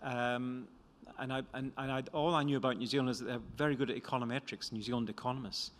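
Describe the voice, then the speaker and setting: A man's voice: medium pitch, fairly even intonation, fast talker, slight background noise. An older man with a Scottish accent giving a conference talk about his book, rambling and self-deprecating, with many restarts. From Scotland. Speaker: economist presenting a book. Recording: lecture hall reverb.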